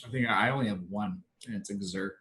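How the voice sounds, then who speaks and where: A man playing in a tabletop game, speaking in a slow, laid-back, casual way. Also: on the low side, bright, forceful tone. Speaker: player.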